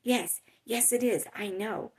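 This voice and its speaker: A woman's voice: a little high, slow, darkish tone. A woman mimicking an indignant female shopper who insists huffily and snaps back. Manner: huffy and insistent.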